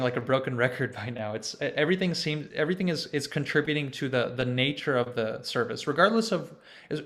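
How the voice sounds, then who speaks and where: A man's voice: medium pitch, creaky, a bit bright. A young man in his twenties giving a conversational online presentation to a choir over a video call, explaining church music and leading chants. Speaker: conducting student presenting to a choir.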